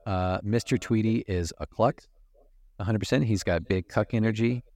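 A man's voice: on the low side, normal speed, a little mellow. A man co-hosting a casual podcast about a movie, rambling and joking, swearing freely and laughing often. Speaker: podcast co-host. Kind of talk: casual movie-review chat.

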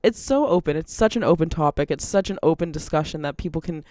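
A woman's voice: sits low, quick pace, a little mellow, no room sound. Casual woman, chatty and unfiltered, laughs mid-sentence, dry close mic. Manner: rambling, laughs often, swears freely. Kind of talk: casual monologue.

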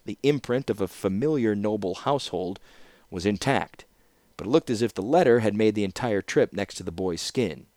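A man narrating a fantasy novel in measured audiobook style. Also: fairly low pitch, a little mellow, dry recording. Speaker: fan audiobook reader.

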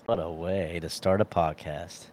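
A young man co-hosting a podcast, telling crude stories in a deadpan way during casual banter. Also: deep voice, measured pace. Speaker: podcast co-host.

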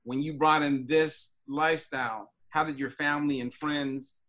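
A man's voice: a little high, moderate pace. A man hosting a casual podcast, asking curious, rambling questions and reading out listener questions. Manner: curious, lively questions, laughs easily. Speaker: podcast host.

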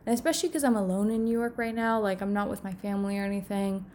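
On the edge of crying, a young content creator talks fast and alone in her room for an emotional confessional vlog, tearful, rambling and full of filler words. Her voice is mid-range with a steady tone and a little mellowness, and there's a bit of hiss or hum.

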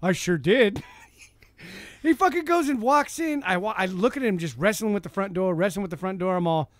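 Man, rapid laughing storyteller, dry close sound. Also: sits high, no room sound. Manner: fast, laughing, swearing. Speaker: rideshare driver. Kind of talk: casual storytelling chat.

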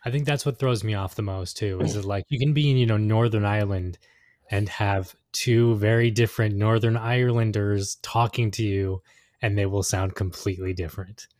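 A man's voice: lowish voice, steady tone, normal speed, darkish tone, dry recording, studio quality. A man co-hosting a podcast, talking in a rambling, agreeable way with lots of fillers. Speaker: podcast co-host. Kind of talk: casual podcast chat.

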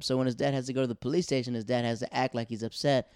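A young man hosting a podcast, telling funny stories casually and acting out quotes in loud raised voices. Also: medium pitch, little pitch movement, quick pace, clean tone, dry recording, clean studio sound. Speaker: podcast host. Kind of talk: casual comedic storytelling.

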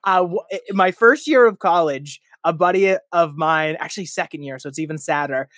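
A man's voice: on the high side, a little fast, fairly bright tone, dry recording, studio quality. A man chatting casually as a podcast guest, rambling and self-deprecating, often laughing at himself.

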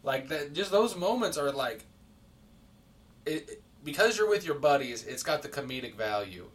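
A man's voice: a little high, sing-song, normal speed. A man co-hosting a podcast in casual gaming chat, swearing freely, laughing often and telling stories with animation. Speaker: podcast co-host.

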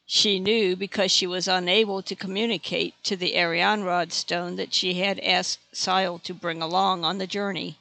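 A narrator reading a fantasy audiobook in a steady, plain storytelling manner. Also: mid-range voice, gravelly.

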